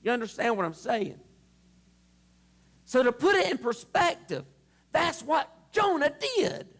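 A male pastor preaching a sermon to his congregation at a church service, impassioned and swelling to shouts. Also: very high voice, big pitch swings, measured pace.

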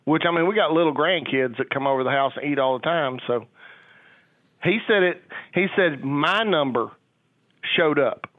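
A man's voice: on the high side, normal speed, dry recording. An older man on a phone call, a father who talks in a rambling, hesitant way with many fillers. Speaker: caller, a father. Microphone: telephone. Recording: tinny phone line.

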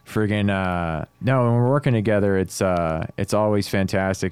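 A man working as an audio engineer, chatting casually in a laid-back way, swearing often and getting animated when he quotes people. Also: lowish voice, normal speed, hardly any pauses, clear, resonant tone, no echo. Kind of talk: casual chat.

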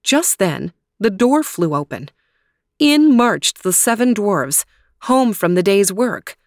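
A woman telling a fairy tale aloud in calm, measured storybook narration. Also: mid-range voice, no echo, studio quality. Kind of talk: storybook reading.

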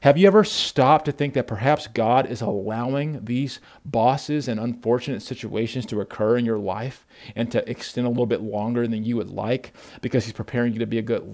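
A man preaching a sermon, telling Bible stories in an animated way and addressing listeners as folks. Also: medium pitch, moderate pace.

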